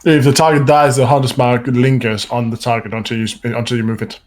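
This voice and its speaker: A man acting as game master, narrating a tabletop game in a calm, measured way with frequent chuckles. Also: medium pitch, slight background noise.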